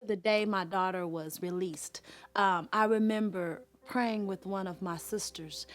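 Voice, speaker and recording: Earnest woman giving a halting testimony. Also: mid-range voice, faint music behind. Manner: earnest, halting, with many pauses and fillers; acts out remembered conversations with a raised voice. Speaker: guest sharing her testimony. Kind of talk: personal testimony.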